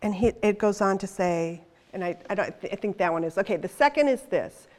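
A woman in her fifties preaching a sermon in a chatty, animated way, full of quick asides to the congregation. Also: mid-range voice. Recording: long hall reverb.

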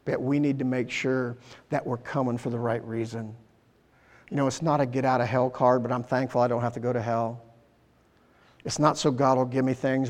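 A man's voice: mid-range voice, level tone, moderate pace, darkish tone. Earnest male pastor in reverberant church. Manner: earnest, conversational preaching with many fillers. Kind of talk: sermon. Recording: long hall reverb.

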